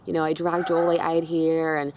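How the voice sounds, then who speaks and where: A young woman quoting a heartbroken young man on a date, halting and apologetic, dropping lower and softer. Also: monotone, noisy background. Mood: mopey.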